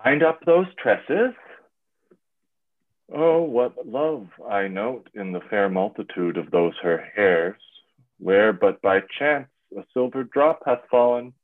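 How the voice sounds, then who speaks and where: A man playing a grave, consoling defeated king in a classical stage drama, with measured declamatory verse. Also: mid-range voice, lively intonation. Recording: tinny phone-like radio sound.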